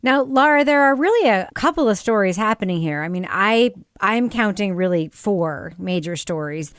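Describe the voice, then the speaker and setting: A woman's voice: medium pitch, animated, moderate pace, smooth, no echo, studio quality. A woman co-hosting a podcast in casual chat, thinking aloud and posing questions with lots of "like" fillers. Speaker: podcast co-host. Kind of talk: casual chat reviewing a TV series.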